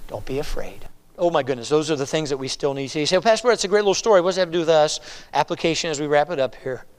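Animated high-voiced pastor preaching in a hall. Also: male voice, very fast. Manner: preaching with dramatic swings from hushed to emphatic. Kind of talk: sermon.

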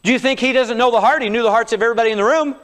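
A male pastor preaching a sermon, swinging from loud emphasis to hushed tones. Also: extremely high pitch, very fast, big-room sound. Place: church sanctuary.

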